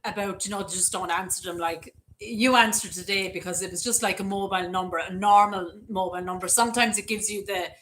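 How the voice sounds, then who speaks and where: A woman's voice: mid-range voice, fairly even intonation, fairly quick, few pauses, fairly bright tone, rough recording. An Irish woman hosting a casual livestream, talking in a chatty way with lots of fillers and emphatic warnings to her viewers. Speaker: livestream host.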